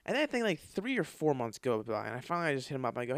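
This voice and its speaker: A man's voice: mid-range voice, big pitch swings, very fast, no room sound, studio quality. A man hosting a podcast, telling rambling comedic stories with plenty of swearing and acted-out dialogue. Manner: profane, storytelling, acts out quoted voices. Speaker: podcast host. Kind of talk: casual comedic monologue.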